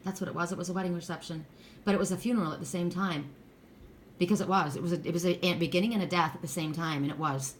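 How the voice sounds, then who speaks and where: A woman's voice: lowish voice, fairly even intonation, fast, slight background noise. Blunt, emphatic middle-aged woman reading cards. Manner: blunt and emphatic, swears freely. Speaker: tarot card reader. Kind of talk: casual spoken card reading.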